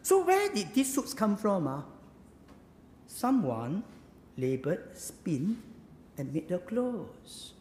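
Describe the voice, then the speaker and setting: Animated Singaporean man preaching in a hall. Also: sits high, slow pace, long pauses, a little hiss or hum. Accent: Singaporean English. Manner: animated, asks the audience rhetorical questions. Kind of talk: sermon. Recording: echoey hall with faint ambience.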